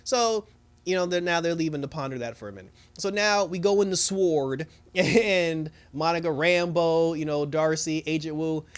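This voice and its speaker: A man's voice: on the high side, normal speed, clean tone. A man giving a casual recap of a TV episode, rambling along with many fillers. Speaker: TV show reviewer.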